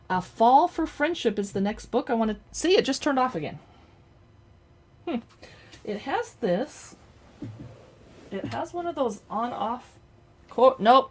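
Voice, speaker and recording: A woman's voice: medium pitch, creaky. A woman hosting a casual show-and-tell, chatting playfully while she handles books and toys. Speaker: host showing books and collectibles. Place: indoors at home in front of a backdrop.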